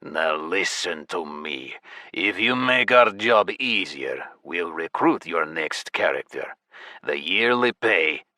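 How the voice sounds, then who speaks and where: A man's voice: low-pitched, animated, takes it slowly, pushed and bright, dry recording, clean studio sound, full character voice. A man voicing a smug, scheming male gnome clan leader who talks in a theatrical, condescending way in an audiobook.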